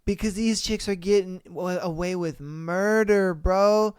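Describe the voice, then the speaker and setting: A male podcast host who reacts to stories in loose, slangy chatter and keeps calling his listeners bro. He talks at an unhurried pace, and his voice is smooth and clean. The sound is close and dry. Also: high voice, steady tone, a little mellow, dry recording. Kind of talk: casual reaction commentary.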